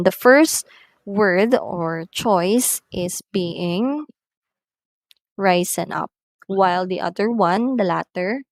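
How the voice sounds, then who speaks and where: A woman English teacher explains intonation at an unhurried pace, pausing between phrases. Her voice sits at a middle pitch and is recorded dry and close. She exaggerates the rises and falls when she reads her example sentences. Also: no echo. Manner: measured, explanatory, exaggerates rising and falling tones in examples. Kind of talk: slow scripted lesson reading examples.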